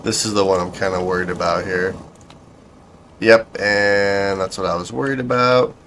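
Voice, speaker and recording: A man's voice: sits low, steady tone, normal speed, a bit bright, slight background noise. A man giving casual gameplay commentary, thinking aloud as he builds, with a dry, self-correcting, sarcastic manner. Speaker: game streamer.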